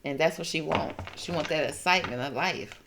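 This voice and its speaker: A woman's voice: low-pitched, brisk, background noise. A woman hosting a tarot reading, talking in a sassy, gossipy way and calling listeners honey and baby. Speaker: tarot reader host. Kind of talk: casual tarot reading commentary.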